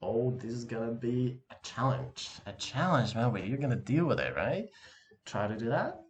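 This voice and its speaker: A man teaching an online language lesson, lively and encouraging, talking casually with slang to his viewer from a room with an open window. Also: mid-range voice, normal speed, slight background noise. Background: dog barking outside.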